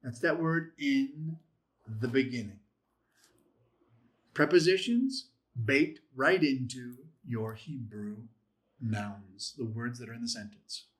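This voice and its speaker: A man's voice: medium pitch, slow pace, pauses often. A man teaching a Bible language class in a conversational, encouraging way, joking with his students. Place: church classroom.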